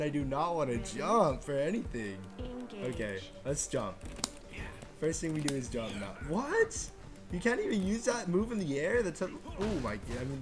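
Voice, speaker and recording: A man commentating his own fighting-game match as he plays, exclaiming, chuckling and trash-talking his opponent. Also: on the high side. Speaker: gaming channel host. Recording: game music clearly behind voice. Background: game music.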